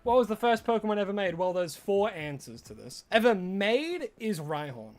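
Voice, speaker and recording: A man's voice: high-pitched, sing-song, normal speed. A young Australian man with a mix of Australian and American accent, chatting casually with his live-stream chat while playing a game, mock-indignant and talkative. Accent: Australian with some American.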